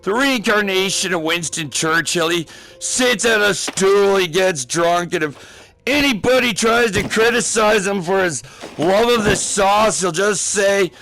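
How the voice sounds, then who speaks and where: High-voiced, gravelly man ranting. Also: a little slow, pushed and bright, faint music behind, rough recording. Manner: rambling and profane, full of fillers. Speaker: gaming vlogger. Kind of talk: comedic rant monologue.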